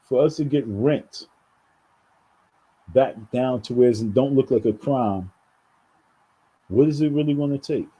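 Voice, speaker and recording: With long pauses and a slightly slow pace, a New York vlogger rambles to his viewers in a casual monologue, frequently repeating words and calling them folks. His mid-range voice is dark with a breathy edge, and the audio is poor.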